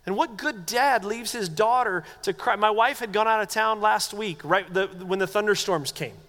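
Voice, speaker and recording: A middle-aged male pastor preaches in an earnest, conversational way, his voice pitched notably high. He often sinks into soft, quiet tones for tender moments. A long reverb trails his words, as in a church sanctuary. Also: normal speed. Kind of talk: sermon.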